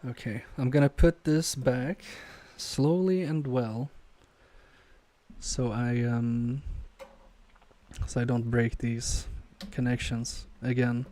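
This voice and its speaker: A repair streamer from Poland, whose first language is Polish, offers live commentary on a finicky fix, grumbling asides and poking fun at himself. His medium-pitched voice is dark and steady, and he talks slowly.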